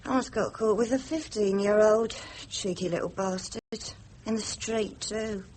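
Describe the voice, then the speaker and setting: An actress playing a brisk, worldly prostitute with a blunt, mocking, businesslike manner, in 1950s radio drama style. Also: female voice, medium pitch, a little mellow, natural voice, rough recording. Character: brisk worldly London prostitute, middle-aged woman.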